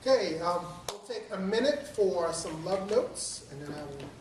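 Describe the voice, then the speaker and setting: A woman's voice: fairly low pitch, lively intonation, moderate pace. A woman leading a club meeting with a brief, businesslike announcement. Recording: echoey room from far off, loud noise.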